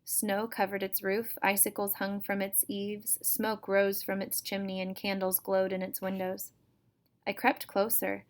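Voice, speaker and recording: With a mid-range voice, a woman reads a chapter book aloud to her students, narrating its first-person story steadily and evenly.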